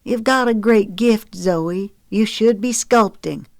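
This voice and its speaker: A woman's voice: medium pitch, slow, no echo, pitched above the performer's own voice. A woman reading the part of a frank, coaxing middle-aged mother in an audiobook, in a dry recording.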